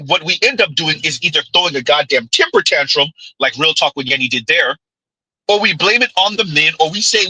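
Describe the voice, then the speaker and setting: A man's voice: on the high side, animated, a little fast, bright, forceful tone, slightly rough, dry recording, poor audio. A man giving a ranting commentary vlog, blunt and preachy, with sarcastic laughs and rhetorical asides. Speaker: commentary vlogger.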